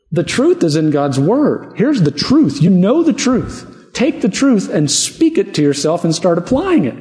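Pastor guy preaching, earnest chatty sermon, slightly high voice. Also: sing-song, normal speed, few pauses, dark tone. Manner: earnest, conversational preaching with rhetorical questions. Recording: echoey hall with long reverb.

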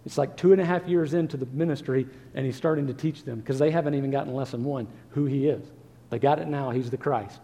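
Earnest preaching man, mellow voice. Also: medium pitch, fast, in a large hall. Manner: earnest, rhetorical questions. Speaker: pastor. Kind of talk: sermon.

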